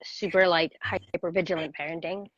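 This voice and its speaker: Guest parenting coach, woman, thirties, lively and laughing, slightly low pitch, dull call sound. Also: normal speed, dry recording. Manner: animated storyteller, laughs often, acts out voices. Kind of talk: casual interview conversation. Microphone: video call. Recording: dry, dull video-call audio.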